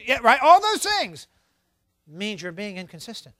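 High-voiced man preaching with comic bite. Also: unhurried, dry recording. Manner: animated, acts out scolding parents for laughs. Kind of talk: humorous sermon.

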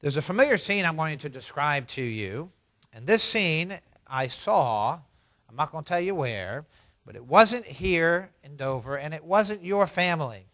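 A man preaching a sermon as pastor, telling a story in a measured, earnest way. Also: fairly high pitch, expressive, fairly bright tone, dry recording.

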